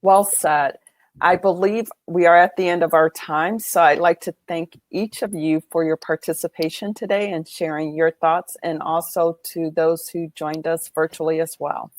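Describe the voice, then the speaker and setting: A woman's voice: low-pitched, steady tone, normal speed, dry recording. A woman moderating a panel, handing off to speakers and thanking them politely.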